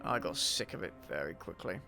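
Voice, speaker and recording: A man's voice: low voice, animated, a little fast, pushed and bright, soft background music. Offhand, sweary man on a stream. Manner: offhand, sweary, mutters to himself while playing. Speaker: YouTube host. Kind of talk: casual livestream Q&A while gaming.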